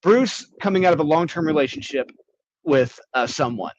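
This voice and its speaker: A man's voice: a little high, expressive, normal speed, no room sound, dull audio. A man co-hosting a comics podcast, talking casually and building long analogies. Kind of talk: casual chat.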